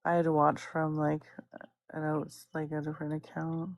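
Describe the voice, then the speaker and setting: A woman's voice: deep voice, monotone, normal speed, gravelly, darkish tone. A woman gossiping casually on a livestream, rambling, swearing freely and laughing often. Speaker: guest chatting on stream.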